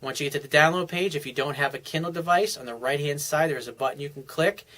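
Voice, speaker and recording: A man's voice: a little high, fast, pushed and bright. A middle-aged man giving dating advice in a casual video newsletter, talking bluntly and conversationally with some mild swearing. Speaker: dating coach.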